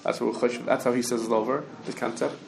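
Fast-talking man teaching a Talmud class. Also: medium pitch, steady tone, gravelly, crowd noise. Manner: quick, restarts often, mixes Hebrew and Yiddish terms. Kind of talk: casual Talmud study lesson. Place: classroom with students. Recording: echoey room with faint background noise.

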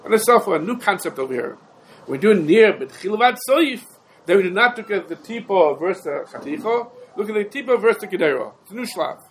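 A man's voice: high voice, expressive, brisk, slight background noise, low-quality recording. A man teaching a halachic text in a style lecture, posing questions and answering them himself. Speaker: Talmud teacher.

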